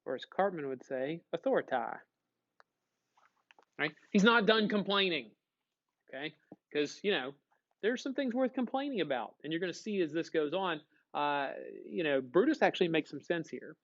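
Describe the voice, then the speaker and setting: Casual, animated male teacher, lo-fi. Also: a little high, normal speed. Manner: casual, animated, asks the class questions. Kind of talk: classroom lecture.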